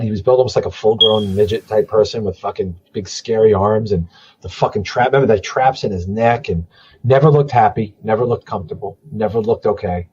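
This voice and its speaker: Husky man, rambling podcast chat. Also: lowish voice, a little mellow, muffled recording. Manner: rambling, profane, trailing into mumbles.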